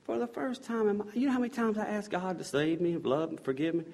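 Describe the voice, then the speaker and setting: A man giving an earnest spoken faith testimony, halting and restarting his words and often dropping to a soft hush. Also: high-pitched, lively intonation, gravelly. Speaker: speaker giving a personal testimony.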